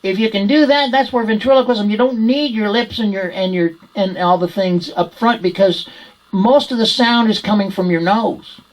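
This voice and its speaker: A man putting on a pinched, nasal voice pushed up through the nose, sitting higher than his usual talk. It has the steady cadence of a teacher explaining a technique. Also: moderate pace, close to an everyday voice, rough recording. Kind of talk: instructional demonstration.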